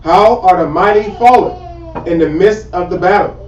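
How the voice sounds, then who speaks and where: A man reading scripture aloud slowly and deliberately in a Bible study group. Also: high-pitched, a little mellow, slight background noise. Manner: slow, measured reading. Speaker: scripture reader. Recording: echoey, dull, distant mic.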